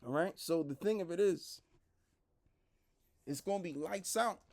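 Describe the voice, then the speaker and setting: A man preaching online, blunt and repetitive, who drops into a lower, quieter voice when he reads scripture aloud. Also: a little slow, gravelly. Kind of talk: street-style preaching commentary.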